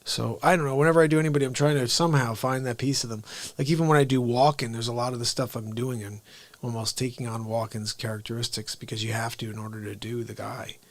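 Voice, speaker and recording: A man's voice: mid-range voice, steady tone, dry recording. A man hosting a live comedy stream, chatting casually and rambling between impressions, often trailing off into mumbles. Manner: rambling, quick asides, drops to mumbles. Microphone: streaming microphone.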